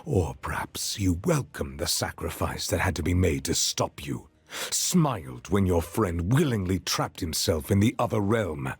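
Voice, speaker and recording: An actor playing a stern, contemptuous ancient male cookie commander in a game, speaking solemnly with a deep husky voice. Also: sing-song, a little slow, dry recording, full character voice. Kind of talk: game voice acting.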